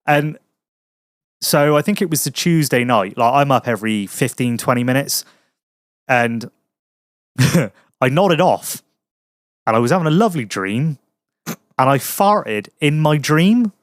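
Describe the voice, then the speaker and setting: A man's voice: mid-range voice, expressive, unhurried, long pauses, no room sound, clean studio sound. A man telling a crude anecdote on a podcast, swearing a lot and laughing at his own story in casual chat. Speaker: podcast host.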